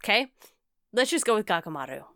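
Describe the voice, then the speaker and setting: A woman co-hosting a podcast in casual chat, animated and chatty, often ending her sentences with "okay?". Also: mid-range voice, quick pace, no room sound, studio quality. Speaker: podcast co-host.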